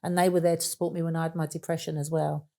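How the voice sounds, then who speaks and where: A woman's voice: low-pitched, level tone, racing, gravelly, dark tone. A woman in her sixties with a Cockney accent, guest in an interview, telling stories in chatty casual talk. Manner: chatty storytelling with fillers like "and that".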